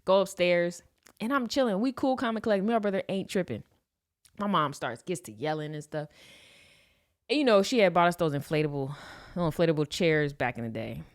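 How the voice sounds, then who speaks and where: A woman in her late twenties from Los Angeles, telling a personal story on a podcast in a slangy, animated way and acting out the scenes. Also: on the low side, fairly quick. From Los Angeles, USA. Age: 20s. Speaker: podcast host. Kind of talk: casual storytelling.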